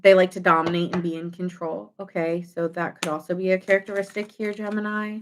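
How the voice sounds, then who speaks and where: A woman's voice: lowish voice, a little fast, slight background noise. Chatty woman reading tarot. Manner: chatty and animated, many fillers, acts out quoted reactions with laughs. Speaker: tarot reader.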